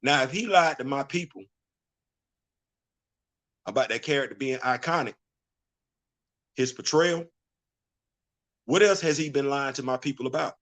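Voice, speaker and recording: A man's voice: medium pitch, unhurried, long pauses, fairly bright tone. A man hosting his own vlog, giving casual opinion commentary full of emphatic repetition and rhetorical questions. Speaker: vlog host.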